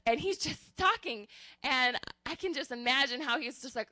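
A young woman delivers a casual sermon in a high, bright voice. She speaks with earnest, animated conviction and keeps calling her listeners "guys." The sound is dry and close. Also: moderate pace, no echo. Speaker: youth preacher.

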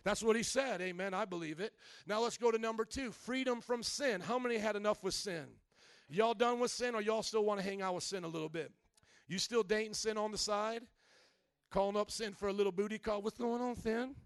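A man preaching a sermon as pastor, animated, acting out little scenes and calling out to the congregation. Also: sits high, fairly quick, smooth, no echo, studio quality.

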